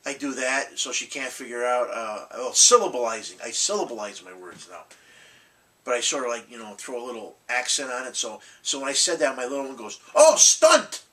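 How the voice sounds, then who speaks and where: A man's voice: mid-range voice, brisk, bright, forceful tone, far from the mic, rough recording. A man hosting a collectibles vlog, talking bluntly and rambling, with frequent restarts and mild cursing. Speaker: collectibles channel host. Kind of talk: casual rambling vlog talk.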